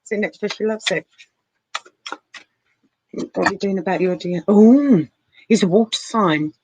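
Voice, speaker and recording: A woman's voice: mid-range voice, unhurried, background noise. A woman chatting through a live tarot reading from her sofa at home, calling viewers darling and honey. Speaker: tarot reader. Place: living room sofa at home.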